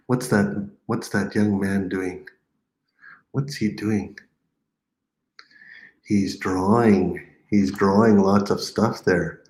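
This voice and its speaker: A man with a lowish voice leads a live-streamed language lesson in an unhurried way. He repeats each word slowly for learners and slips in playful, teasing asides. The room around him sounds echoey. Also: mellow. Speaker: language teacher.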